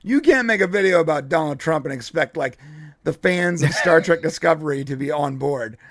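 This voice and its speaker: A man's voice: a little high, animated, moderate pace, a bit bright, no echo, clean studio sound. A man co-hosting a live podcast stream, chatting casually in a rambling way with frequent restarts and laughs. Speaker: podcast co-host.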